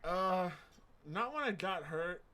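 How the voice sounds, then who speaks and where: A man's voice: sits high, lively intonation, slow pace, bright, forceful tone, clear, resonant tone. A young man co-hosting a podcast, casually telling stories and acting out what people said. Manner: acts out quoted voices in his stories. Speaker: podcast co-host. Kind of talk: casual chat.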